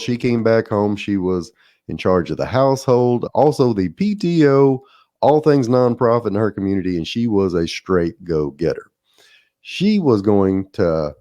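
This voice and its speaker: Middle-aged male podcast host; low, mellow, anecdotal and self-mocking. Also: no room sound. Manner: conversational, anecdotal, self-deprecating asides. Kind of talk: solo podcast storytelling.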